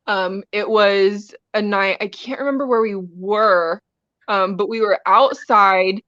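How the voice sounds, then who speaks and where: A woman wrestler tells a story as a guest in a casual interview, giggling and laughing often as she talks. Her mid-range voice is steady, slow, and a bit bright, and the lo-fi recording has no room sound.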